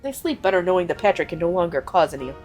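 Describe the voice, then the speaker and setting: A woman voicing an older male townsman who briskly shares town gossip. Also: lowish voice, very animated, a little mellow, soft background music.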